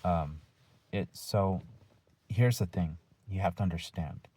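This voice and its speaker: A male teacher giving a deliberate, firm talk to his students, using rhetorical questions and pauses. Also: deep voice, warm tone, breathy edge, no room sound. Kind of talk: lecture-style talk to students.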